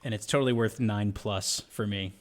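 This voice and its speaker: A man's voice: lowish voice, moderate pace. A man co-hosting a casual movie review podcast, talking about a film with enthusiasm. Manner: enthusiastic, lively, generalizing with hedges. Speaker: podcast co-host.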